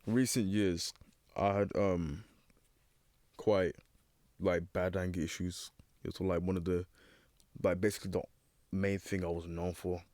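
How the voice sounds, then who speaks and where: A young man, his low voice picking its way through a personal story. He talks hesitantly, stacking fillers and restarts as he searches for words. The sound is close and dry, with no room around it. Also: little pitch movement, measured pace, long pauses, a little mellow, no room sound. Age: teens. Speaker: young guest.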